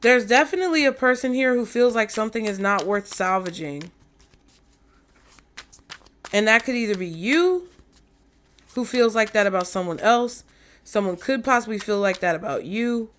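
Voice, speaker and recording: A woman's voice: a little high, expressive, moderate pace, long pauses, a bit bright. A woman giving a casual tarot reading in a blunt, frank way, swearing freely. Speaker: tarot reader.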